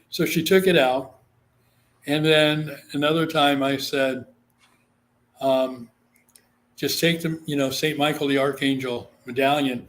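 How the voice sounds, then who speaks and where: A psychic medium from Guam tells a story in a casual interview, his voice a little high over slight background noise. He's chatty, leans heavily on "you know," and acts out the voices of the people he quotes.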